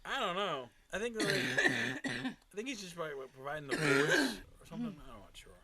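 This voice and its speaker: A man co-hosting a podcast in casual chat, cracking jokes with quick asides. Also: sits high, animated, vocal fry, a crowd in the background. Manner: joking, quick asides, puts on silly voices. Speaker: podcast co-host.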